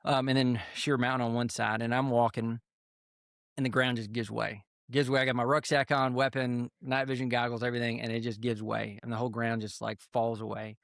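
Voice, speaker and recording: A man, an army veteran guest on a podcast, calmly telling a story in a relaxed, unhurried way. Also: medium pitch, gravelly, no echo, clean studio sound. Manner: calm, unhurried storyteller with fillers. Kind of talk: casual storytelling interview.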